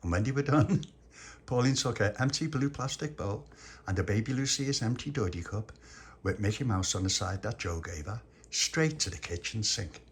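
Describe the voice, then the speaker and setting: A man's voice: lowish voice, normal speed, slight background noise. A man telling a comic bedtime story in a playful, rambling way. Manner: playful, animated, rambling repetitions. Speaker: storyteller host.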